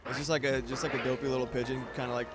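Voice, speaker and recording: A man's voice: medium pitch, level tone, rapid-fire. A man streaming a video game, chatting casually in a loose, rambling way and swearing freely. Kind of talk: casual chat while gaming.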